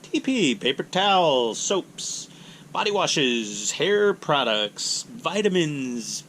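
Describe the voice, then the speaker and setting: A man's voice: a little high, very animated, slow pace, a bit bright, slight background noise. A middle-aged man, hosting a hobby channel in casual, rambling, self-mocking talk. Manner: chatty, self-mocking, acts out voices in anecdotes.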